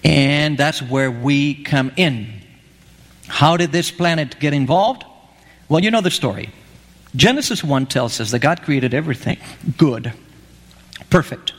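A man's voice: on the high side, animated, unhurried, long pauses, fairly bright tone, big-room sound. A man preaching a sermon, telling a story with animation and acting out the lines he quotes.

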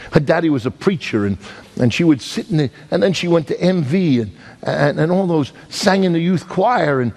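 Animated male preacher telling a story. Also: on the high side, gravelly. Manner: animated, acts out sounds and voices, jokes with the congregation. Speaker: evangelist preacher. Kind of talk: storytelling sermon.

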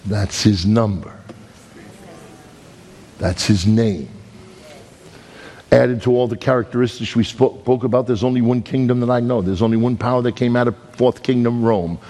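A man with a Brooklyn accent preaches with emphatic, storytelling energy, swinging between high and low. His voice rings through a large hall with a long reverb tail. He sits at a middle pitch for a man. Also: steady tone, measured pace, pauses often, mellow. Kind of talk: sermon.

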